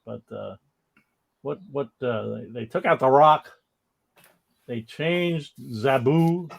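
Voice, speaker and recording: A man's voice: medium pitch, slow, gravelly. A man co-hosting a casual comics history livestream, rambling and laughing as he reads viewer comments aloud.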